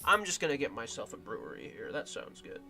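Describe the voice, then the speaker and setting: A man's voice: medium pitch, big pitch swings, fast, pushed and bright, soft background music. A man streaming a game in casual commentary, thinking aloud and often trailing off and restarting.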